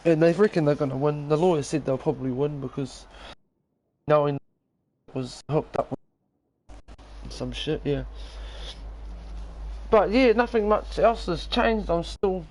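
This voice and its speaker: A man's voice: on the high side, a little slow, long pauses, darkish tone, slight background noise, poor audio. A man with a New Zealand accent chatting casually as a game streamer from his lounge, rambling and profane. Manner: rambling, profane and laid-back. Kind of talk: casual chat. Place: lounge at home.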